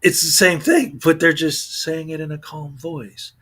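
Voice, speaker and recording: A man's voice: fairly high pitch, a little slow, a bit bright, slightly rough. A man hosting his channel, talking in casual commentary with an exasperated tone, often repeating words and restarting sentences. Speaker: channel host.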